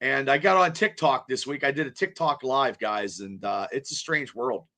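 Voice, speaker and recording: A man's voice: medium pitch, normal speed, sharp tone. A man hosting a podcast in casual chat, rambling and stammering as he repeats words. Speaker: podcast host.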